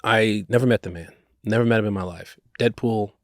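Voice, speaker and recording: A man's voice: on the low side, fairly quick, dry recording, studio quality. A man who works as an actor, chatting as a guest in a laid-back, rambling way. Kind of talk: casual interview chat.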